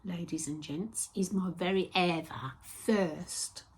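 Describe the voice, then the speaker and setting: A woman hosting a crafting podcast, chatting casually and rambling, with soft whispered asides. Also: fairly low pitch, slow pace, husky. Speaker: host of a knitting and spinning podcast. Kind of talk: casual chat.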